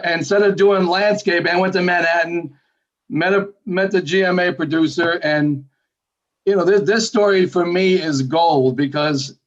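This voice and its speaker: A man telling a personal story in a casual, animated way, acting out the lines of the people in it. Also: fairly high pitch. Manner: animated, quick storytelling with quoted dialogue. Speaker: guest storyteller. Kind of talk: casual anecdote. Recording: dull lo-fi sound.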